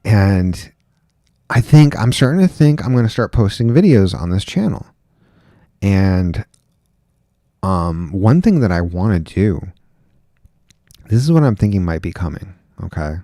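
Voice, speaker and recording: A man's voice: fairly low pitch, big pitch swings, unhurried, long pauses, warm tone, dry recording. A man chatting casually on his livestream, rambling and reading out chat comments, close to a microphone at home. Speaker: livestream host, rideshare driver. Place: indoor home room. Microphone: close desk microphone.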